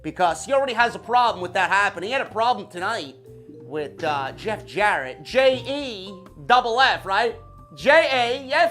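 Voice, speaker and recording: A man's voice: high-pitched, a bit bright. A man from New York hosting a livestream wrestling podcast from his home basement, hyped and profane, tagging "man" onto almost every line. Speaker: wrestling show reviewer and host.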